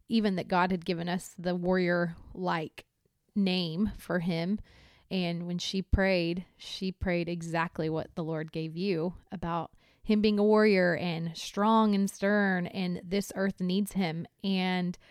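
A woman's voice: lowish voice, a little mellow, clear, resonant tone, dry recording, clean studio sound. A woman co-hosting a family podcast with her husband, chatting easily, laughing often and chiming in on his stories. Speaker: podcast co-host. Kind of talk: casual chat.

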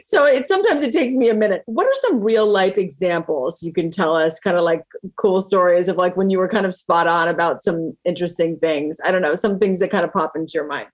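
A woman's voice: fairly low pitch, a little fast, hardly any pauses. Friendly woman interview host. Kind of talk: casual interview chat.

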